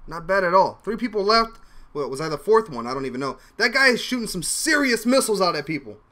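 Young male gamer, bright tone, jumpy casual play-by-play. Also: sits high, fast. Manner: excitable, yelps and laughs often. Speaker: gaming YouTuber. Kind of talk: casual gameplay commentary.

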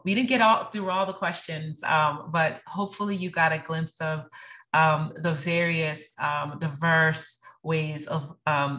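A woman's voice: low voice, a bit bright. A woman with a New England accent moderating a video-call panel, friendly, with many ums and restarts. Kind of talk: webinar panel wrap-up.

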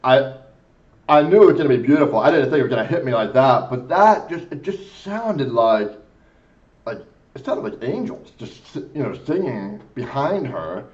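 A man's voice: mid-range voice, very animated, moderate pace, darkish tone, dull audio. A man hosting a music reaction video, gushing and emotionally moved as he comments. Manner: gushing, effusive, exclaims often.

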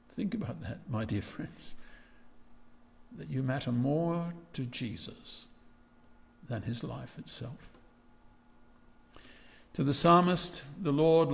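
A man's voice: medium pitch, creaky. A male pastor preaching a reflective sermon in a church, often restarting his phrases. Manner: reflective, with frequent restarts and gentle asides. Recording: long hall reverb.

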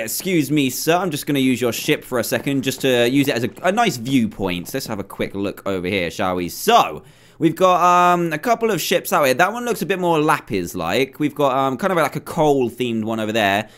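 A man giving excitable, chatty commentary over his own gameplay, with frequent exclamations. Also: medium pitch, normal speed. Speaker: gaming video host. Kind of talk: let's play commentary.

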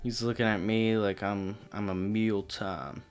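A man's voice: lowish voice, flat delivery, unhurried, soft background music. A man commentating on his own gameplay, exasperated and swearing casually as he talks straight to the opponents on screen. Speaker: gaming channel host.

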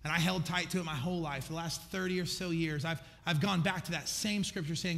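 A man's voice: fairly high pitch, fairly quick, gravelly, hardly any pauses, bright, forceful tone, a little hiss or hum. A middle-aged man preaching a sermon as pastor, talking conversationally and acting out his own distracted prayers with self-deprecating humor. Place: large church auditorium. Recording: echoey church hall reverb.

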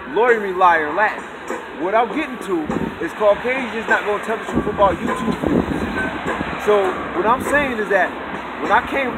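A man with a high-set voice rambles through a loose, repetitive street monologue, stoned and swinging between muttering and shouting. Recorded outdoors on a phone, with loud street and wind noise behind him. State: high on marijuana. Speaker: street vlogger.

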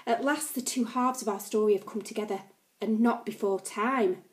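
A woman's voice: a little high, normal speed. A woman teacher reading a class novel aloud to her pupils, with playful chatty asides.

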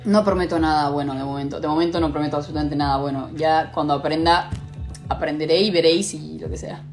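Young woman streamer, casual chat, swears freely, lowish voice, faint music behind. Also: steady tone, racing, darkish tone. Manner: chatty, swears casually, switches between Spanish and English. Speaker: livestreamer answering viewer questions.

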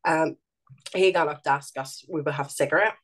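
A woman with a Belfast accent, speaking earnestly as an interview guest and often stopping to restart her sentences. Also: low voice. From Northern Ireland. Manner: earnest, halting with fillers and restarts. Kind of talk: interview conversation.

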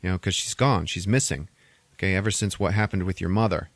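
A man's voice: low-pitched, a little fast, no room sound. A man voicing a blunt male asylum doctor in an offhand, everyday voice while retelling a film on a podcast. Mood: questioning.

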